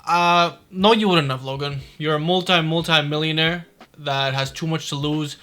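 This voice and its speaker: A man talks through online drama in a casual commentary, blunt and full of swearing. His voice is bright and sits a little high. He speaks in quick bursts. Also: fairly even intonation. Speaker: commentary youtuber.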